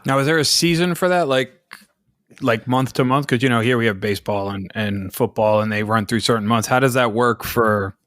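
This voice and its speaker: A man's voice: medium pitch, brisk, a bit bright, no room sound. A man co-hosting a podcast and asking a guest curious questions. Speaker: podcast co-host. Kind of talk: casual chat.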